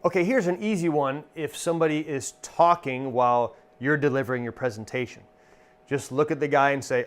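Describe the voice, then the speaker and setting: A stage entertainer and magician giving an instructional talk in a relaxed, conversational way, acting out comic one-liners as examples. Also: male voice, mid-range voice, brisk.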